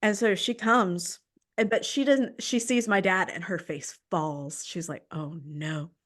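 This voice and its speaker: Animated young woman telling a story. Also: mid-range voice, measured pace. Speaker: podcast host. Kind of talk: casual storytelling chat.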